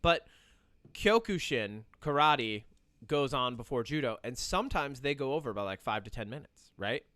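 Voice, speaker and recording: Bright, crisp-voiced male podcast host. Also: medium pitch, moderate pace, dry recording. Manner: rambling, animated storyteller who laughs often. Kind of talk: casual chat.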